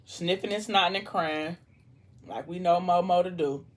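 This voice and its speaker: A woman's voice: fairly low pitch, moderate pace. A woman vlogger chatting casually, retelling a book's scenes while eating, reading out dialogue and leaning on "like". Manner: chatty storytelling, reads out dialogue, fillers like "like".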